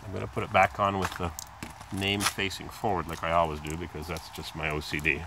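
A man's voice: flat delivery, a little fast, noisy background. Rambling man fixing his car. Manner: rambling, chatty, imitates squeaks in a high voice. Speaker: car repair video maker. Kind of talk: casual hands-on repair talk. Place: outdoors by a car in a driveway. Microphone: phone camera held in hand.

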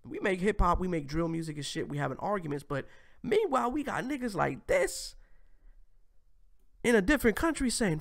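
A man hosting a casual commentary show, reacting to clips in a loose, profane, animated way. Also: high voice, moderate pace, creaky. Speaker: host.

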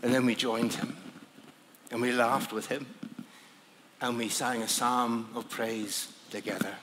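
A man's voice: mid-range voice, level tone, unhurried, fairly bright tone, big-room sound, a little hiss or hum. A man preaching a sermon as a dramatic first-person story, often hesitating and searching for words. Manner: hesitant, searching for words, with frequent fillers and laughs. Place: large conference hall.

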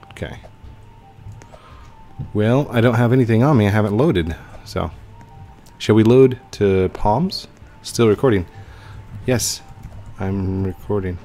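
A man giving casual gameplay commentary as a channel host, excitable and laughing often, yelping when things go wrong. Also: low voice.

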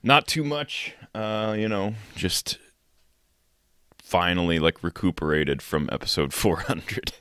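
A man co-hosting a podcast, talking in a laid-back, halting way with soft laughs. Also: deep voice, very animated, smooth, no echo, studio quality. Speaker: podcast co-host. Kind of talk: casual podcast chat.

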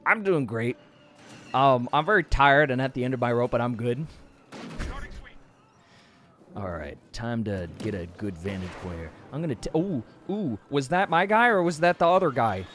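A man streaming a shooter game, excitably exclaiming and chatting with his viewers. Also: high-pitched. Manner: excitable, exclaiming, talks to chat. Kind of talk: casual gameplay livestream commentary.

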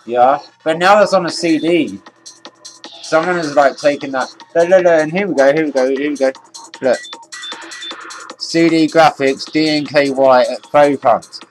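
Excitable rambling man. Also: a little high, normal speed. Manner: excitable, rambling, swearing, many restarts. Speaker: vlogger. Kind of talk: casual rambling vlog. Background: faint electronic music.

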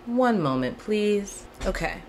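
A woman's voice: medium pitch, very animated, slow pace, soft background music. A young woman from Southern California hosting a casual video podcast, gushing and chatty with lots of "like". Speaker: podcast host. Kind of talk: casual chat to camera. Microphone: camera mic, video-call style.

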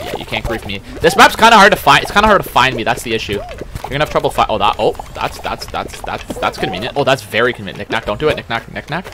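Young male streamer, quick and animated, joking and yelling at gameplay. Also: mid-range voice, noisy background. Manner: joking, chatty, reads chat aloud, yells at the game. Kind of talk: live gaming stream commentary.

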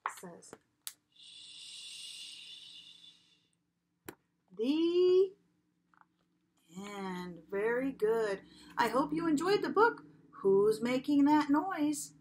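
A preschool teacher reading a picture book aloud to young children, asking them coaxing questions and dropping now and then to a whisper. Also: female voice, a little high, a little hiss or hum. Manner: animated, slow, coaxing questions to children, drops to a whisper at times.

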